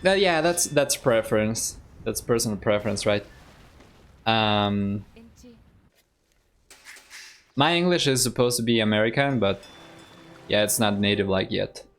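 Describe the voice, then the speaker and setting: A man's voice: lowish voice, expressive, moderate pace, fairly bright tone. Easygoing Argentine man casting a game. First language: Spanish. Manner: easygoing, thinks aloud, chats with viewers. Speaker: game caster and streamer. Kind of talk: live strategy game commentary.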